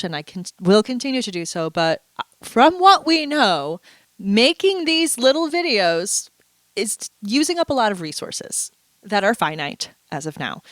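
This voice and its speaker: Smooth-voiced woman rambling playfully. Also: mid-range voice, a bit bright, dry recording. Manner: rambling, playful, full of asides. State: stuffy, feeling unwell. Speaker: vlogger. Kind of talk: casual chatty monologue.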